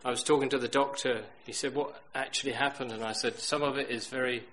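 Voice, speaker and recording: Middle-aged male preacher, mid-pitched, lively sermon storyteller; light noise under the voice. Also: quick pace, rough recording. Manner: storytelling, swings from loud emphatic to quiet.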